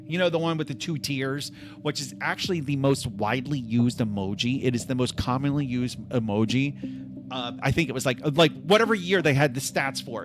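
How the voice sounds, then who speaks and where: A man hosting a livestream in casual chat, rambling and joking at his own expense. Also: medium pitch. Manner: rambling, joking, self-deprecating. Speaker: livestream host.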